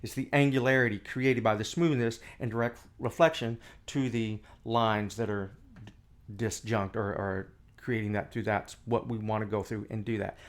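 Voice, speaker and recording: A man explains phrasing in a relaxed, conversational teaching voice. He breaks into scatted nonsense syllables to show the melodies. The sound comes from a camera mic in an indoor room. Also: fairly low pitch, moderate pace. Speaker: music teacher. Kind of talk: casual instructional talk.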